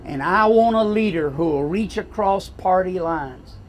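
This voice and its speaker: A man's voice: sits high, expressive, a little slow, slight background noise. An older man from Louisiana with a Southern American accent, giving a folksy, rousing campaign speech full of stories. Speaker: political speaker.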